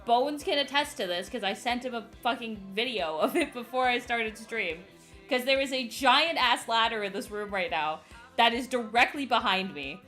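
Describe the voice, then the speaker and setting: Young woman streamer, high-ish and bright, giggly and animated. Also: normal speed, faint music behind. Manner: animated, profane storytelling with frequent laughter. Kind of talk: casual live-stream chat.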